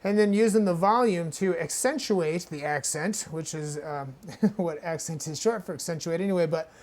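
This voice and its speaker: A man's voice: a little high, moderate pace, a little mellow. A man hosting a casual hardware music tutorial, talking in a loose, chatty way and often checking in with "right?".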